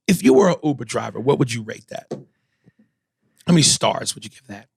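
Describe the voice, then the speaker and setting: A man hosting a comedy podcast, brash and profane, talking in an animated comic way. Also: medium pitch, moderate pace, gravelly, a little hiss or hum. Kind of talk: casual comedy podcast chat.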